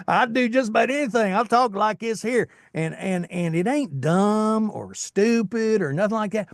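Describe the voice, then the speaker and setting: A man's voice: high-pitched, expressive, measured pace, dry recording, studio quality, voice pushed up. A man voicing an exaggerated Southern good old boy with a thick twang and playful drawl.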